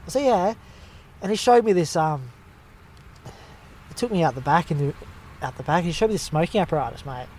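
A man's voice: on the high side, animated, brisk, pauses often, a little mellow, slight background noise. A young Australian man from Western Australia telling a long, rambling story in casual chat, full of slang and fillers.

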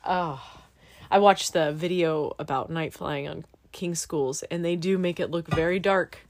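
Brief: young woman, student pilot, candid storyteller, slightly low voice, dry close sound. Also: a little slow, no room sound. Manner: candid, animated storytelling with swearing. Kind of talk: casual podcast chat.

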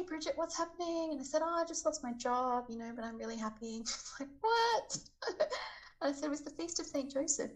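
A woman's voice: a little high, low-quality recording. Chatty woman telling a story. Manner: chatty, animated when quoting others. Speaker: charity event organizer. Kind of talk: casual storytelling.

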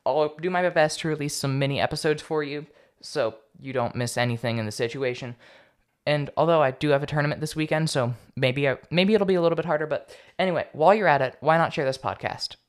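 Fairly quick and pitched on the high side, this young man hosts a solo political commentary podcast. He keeps things casual with a sarcastic edge and stumbles over foreign names.

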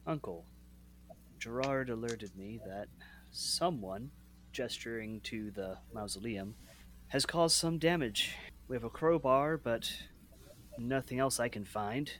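A man's voice: medium pitch, expressive, slow pace, a bit bright. A man playing an earnest young monster hunter who speaks politely to his uncle.

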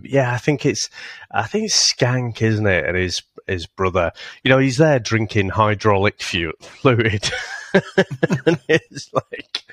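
Clean studio sound and a dry recording capture this man's fairly low, slightly bright voice. He co-hosts a film-review podcast, chatting loosely and rambling, with frequent swearing and laughter.

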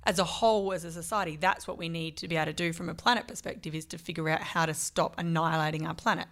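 A woman's voice: lowish voice, fairly even intonation, fast, fairly bright tone. A woman co-hosting a podcast, chatting casually and laughing often as she speculates. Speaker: podcast co-host. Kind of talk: casual chat.

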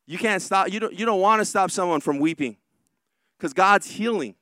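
A man preaching a sermon as pastor, drawing out key lines slowly and rushing through asides. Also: high voice, sharp tone, no room sound, studio quality. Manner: preaching with slow, drawn-out emphatic lines and quick asides.

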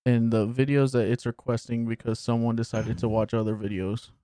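A man's voice: medium pitch, level tone, brisk, dark tone, dry recording. Blunt, swearing young man, casual podcast. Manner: blunt, swears freely, teasing. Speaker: podcast co-host. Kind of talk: casual chat.

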